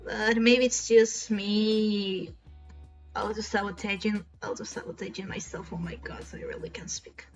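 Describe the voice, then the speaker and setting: A woman's voice: little pitch movement, unhurried. A woman chatting casually while streaming, self-deprecating and rambling. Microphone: cheap desk mic. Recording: dull low-quality mic with faint music. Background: faint background music.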